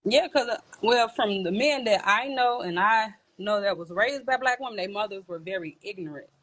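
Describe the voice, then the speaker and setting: A woman's voice: mid-range voice, normal speed, a bit bright. A woman speaking earnestly and plainly, giving her opinion in a casual conversation.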